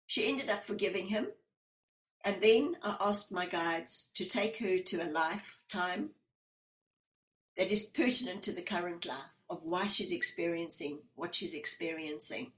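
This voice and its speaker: A woman working as a hypnotherapist, recounting client sessions in an animated storytelling manner and acting out the dialogue. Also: fairly low pitch, a little slow. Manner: animated, acts out quoted dialogue. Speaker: hypnotherapist guest. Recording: roomy echo.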